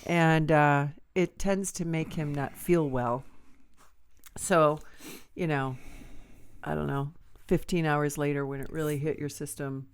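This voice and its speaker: A woman's voice: sits low, steady tone, measured pace, clear, resonant tone. A woman co-hosting a casual podcast, playfully teasing her fiancé and laughing often. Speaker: podcast co-host. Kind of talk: casual couple banter.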